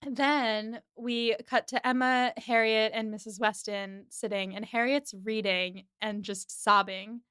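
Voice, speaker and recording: A woman's voice: a little high, unhurried, few pauses, clear, resonant tone, dry recording, studio quality. A woman hosting a podcast, recapping an episode in casual chat and acting out the characters' lines. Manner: animated, acts out lines of dialogue.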